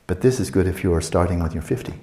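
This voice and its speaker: Older male dharma teacher, mellow tone, roomy reverb, casual teaching. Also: deep voice, quick pace. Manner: conversational, playful asides with acted quotes. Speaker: meditation teacher. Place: retreat teaching hall.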